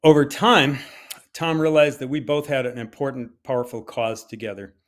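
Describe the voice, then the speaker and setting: Older man telling a lively story. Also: medium pitch, moderate pace. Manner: animated, conversational storyteller; hesitant with fillers at times. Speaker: physician giving a conference talk. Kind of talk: personal storytelling talk.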